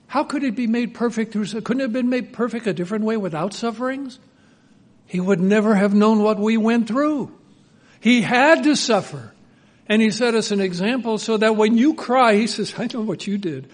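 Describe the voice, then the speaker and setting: A man preaching a sermon in an earnest manner, swinging between hushed, soft passages and emphatic, raised lines. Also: sits high, moderate pace.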